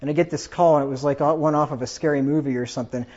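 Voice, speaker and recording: This man's voice is fairly high and darkish, with a steady tone and a quick pace. He chuckles while telling rambling family stories in a casual, personal way, and the lo-fi recording sounds dull.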